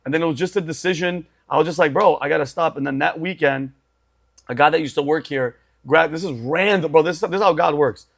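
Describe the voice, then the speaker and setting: A man's voice: on the high side, brisk, creaky, fairly bright tone. A man in his forties telling his story as a podcast guest, emphatic and repetitive, saying "bro" and "dude" often. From Assyrian family. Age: 40s.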